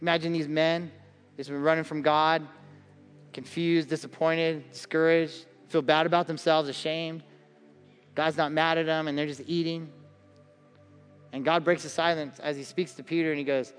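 A man's voice: a little high, flat delivery, normal speed, big-room sound, soft background music. A male pastor preaching a conversational sermon to a congregation. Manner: conversational preaching, acts out quoted voices.

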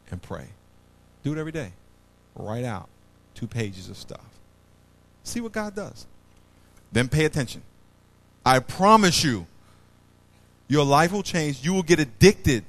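A man preaching a sermon as pastor, swinging between loud bursts and hushed low passages. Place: church.

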